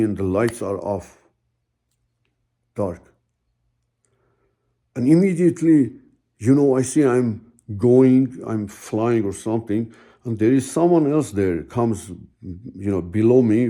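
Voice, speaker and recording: A middle-aged man telling a personal story slowly and haltingly, searching for words with many fillers. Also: mid-range voice, mellow. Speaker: guest telling his own story.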